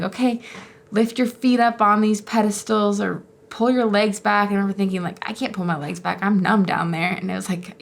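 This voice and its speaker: A woman's voice: mid-range voice, vocal fry. A young woman telling a personal story in a casual, chatty way, full of fillers and small laughs. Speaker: vlogger sharing her birth story.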